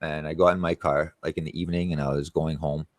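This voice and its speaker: A man with a low, deep voice tells a long personal story in a rambling, profane way, full of fillers. He jumps up into higher voices to act out what other people said. The sound is dry and close. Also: level tone, fast, no echo. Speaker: channel host. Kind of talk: casual storytelling monologue.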